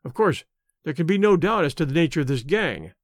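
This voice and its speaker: A man reading the part of a bluff police inspector, hearty and confident and quick to exclaim. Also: on the high side, big pitch swings, no room sound, clean studio sound. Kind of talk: audiobook character reading.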